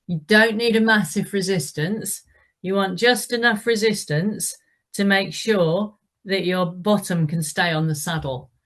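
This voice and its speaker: Casting: female cycling instructor, low voice, unhurried, encouraging cues between efforts. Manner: encouraging, calls out the rhythm. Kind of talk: indoor cycling class instruction.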